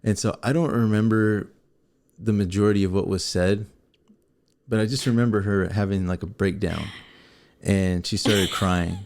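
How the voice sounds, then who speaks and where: Man telling a story with a lowish voice. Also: normal speed. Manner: animated, acts out scenes and quotes. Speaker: co-host. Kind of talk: casual storytelling to viewers.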